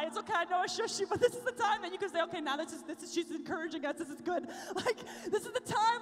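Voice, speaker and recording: A woman's voice: very high voice, sing-song, racing, few pauses. A woman giving an evangelical keynote to a youth conference, passionate and rising into fervent prayer, in a large hall with music behind. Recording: long hall reverb with music.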